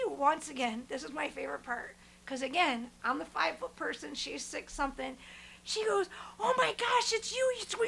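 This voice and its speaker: A woman hosting her own podcast, telling a story in an animated, excitable way. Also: high voice, vocal fry, a little hiss or hum. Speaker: podcast host.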